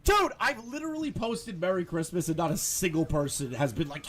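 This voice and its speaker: A man with a high, animated, bright voice vents in casual stream chat. He fires off exasperated questions, and faint music plays behind him. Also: normal speed, hardly any pauses.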